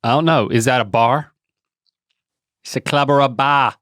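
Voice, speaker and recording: A young man co-hosting a podcast, playful and teasing, quick to laugh. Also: mid-range voice, fairly bright tone, no room sound, studio quality. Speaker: podcast co-host. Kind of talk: casual podcast chat.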